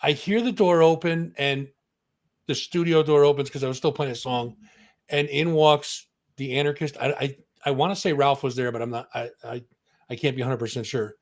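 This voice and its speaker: A man's voice: medium pitch, fairly even intonation, moderate pace. A man co-hosting a music talk show, telling a story in casual chat and acting out the voices of the people in it.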